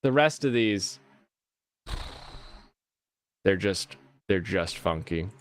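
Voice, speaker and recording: A man hosting a casual podcast chat, animated, his voice jumping high when he gets exasperated. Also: slow, a little hiss or hum. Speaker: podcast host.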